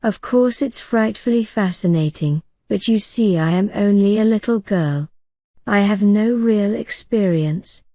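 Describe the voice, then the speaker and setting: A woman reading the lines of a prim, motherly little girl in a soft, gentle bedtime storytelling voice. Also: medium pitch, unhurried, no room sound, close to an everyday voice. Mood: wondering.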